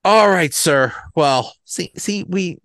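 A man hosting a casual sports podcast, relaxed and chatty, laughing often. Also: high-pitched, slow, dry recording, clean studio sound. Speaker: podcast host.

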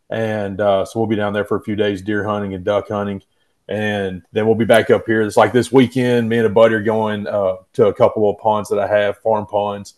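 A man's voice: on the low side, a little mellow. A man, a guest on a podcast, telling folksy hunting stories in an easygoing way. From Arkansas, US. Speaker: guest, rack company owner. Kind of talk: casual podcast chat.

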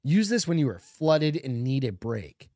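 A man's voice: medium pitch, sing-song, moderate pace, mellow, dry recording, studio quality. A middle-aged man co-hosting a comedy podcast, reading a list aloud with sarcastic, profane mock earnestness. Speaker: podcast co-host.

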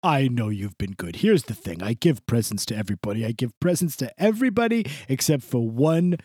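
A man's voice: mid-range voice, big pitch swings, brisk, darkish tone, slightly rough, dry recording, clean studio sound. A man playing a foul-mouthed, boastful Santa Claus who rambles and laughs, his voice swooping up and down in a creepy way. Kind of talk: improvised comedy podcast bit.

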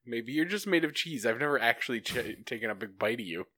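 A man's voice: mid-range voice, animated, quick pace, pushed and bright, dry recording, studio quality. A man bantering on a podcast, wisecracking and giggling at his co-host. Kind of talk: casual chat.

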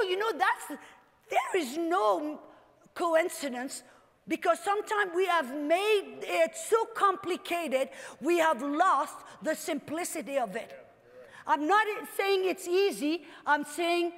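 A woman preaches an animated sermon in a very high voice and often rises to shouting. Her voice rings out with a long reverb in a church hall. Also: slow.

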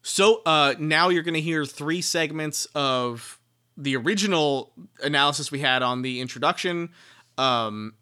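A man's voice: a little high, a little slow, pushed and bright, clean tone. A man co-hosting a casual book-discussion podcast, rambling and laughing, with lots of restarts. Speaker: podcast co-host.

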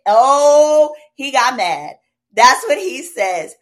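Animated profane Southern woman storyteller. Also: high-pitched, drawn-out words. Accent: Southern American. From American South. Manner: animated, profane, acts out quoted dialogue. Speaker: podcast guest, attorney and comedian. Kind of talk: casual storytelling chat.

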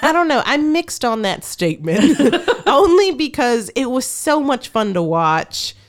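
A woman's voice: sits high, big pitch swings, unhurried. A woman co-hosting a podcast, chatting casually, laughing often and talking in slang. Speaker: podcast co-host. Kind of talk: casual chat.

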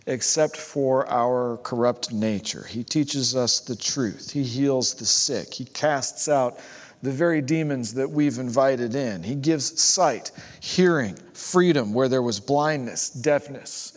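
A male pastor preaching a sermon, stacking rhetorical questions and dropping to a hush on key phrases. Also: medium pitch, slow pace. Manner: rhetorical, builds with repeated questions. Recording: long church hall reverb.

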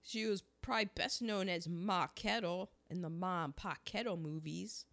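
A woman co-hosting a podcast in casual chat, talking with a sore throat and an animated manner. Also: moderate pace, creaky. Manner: animated, rising to high exclamations. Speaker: podcast co-host. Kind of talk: casual chat about old movies.

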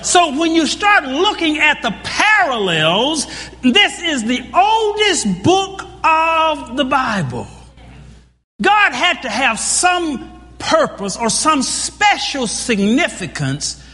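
A man's voice: very high-pitched, very animated, slow, bright, forceful tone. A man preaching a sermon, emphatic and full of rhetorical questions to the congregation. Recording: reverberant hall sound.

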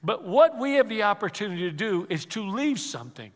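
Bright-voiced pastor preaching in a reverberant hall. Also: male voice, high-pitched, sing-song, brisk. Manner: storytelling, repeats words, drops to a hush for quoted grief. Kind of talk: sermon.

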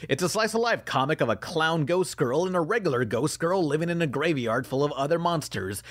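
Male podcast co-host, very animated pitch, dry close mic, silly and playful. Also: no echo. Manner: goofy, jumps into silly high voices. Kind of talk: casual comedic chat.

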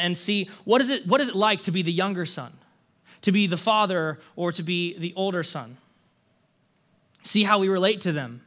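This young pastor's voice sits high, bright and forceful as he preaches. After reading a story from scripture, he speaks earnestly and conversationally to his congregation, with restarts and frequent "right?" asides.

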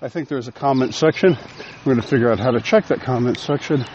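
A man with a mid-range voice talks a little fast while walking outdoors, slightly short of breath, as he hosts a chatty, self-deprecating solo podcast. The highs are cut off and the background is noisy.

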